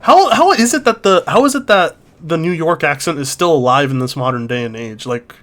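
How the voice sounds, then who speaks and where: A man chatting casually as co-host, laughing constantly and stumbling over his words in excitement. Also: fairly high pitch, fairly quick. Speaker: podcast co-host. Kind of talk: casual chat.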